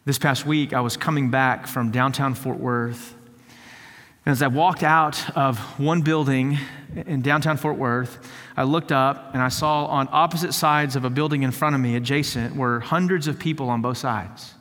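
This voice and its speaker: A man's voice: medium pitch, steady tone, moderate pace, a bit bright. A man, a lead teaching pastor, preaching a sermon in a conversational storytelling way that builds to fervent emphasis, with frequent repeated words. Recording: long hall reverb.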